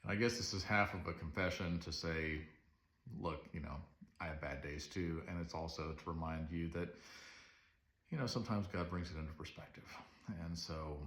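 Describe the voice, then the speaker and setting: Earnest male vlogger, low voice, casual rambling story, roomy reverb. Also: normal speed, fairly bright tone. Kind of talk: casual confessional monologue. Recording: roomy echo.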